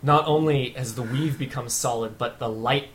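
A man narrating as game master of a tabletop game in a casual, halting way. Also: medium pitch, slight background noise.

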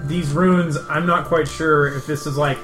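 A man's voice: a little high, steady tone, measured pace, reverberant, music in the background. A man playing a tabletop role-playing game, talking casually and hesitantly, full of questions and restarts. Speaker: player.

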